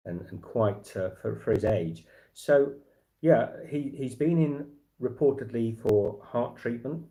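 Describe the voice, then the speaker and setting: A man with a lowish, mellow voice hosts a casual livestream, rambling along with lots of restarts and filler words.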